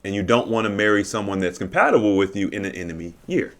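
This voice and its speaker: A man co-hosting a podcast, explaining things in relaxed casual chat with frequent fillers. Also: on the low side, fast talker. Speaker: podcast co-host.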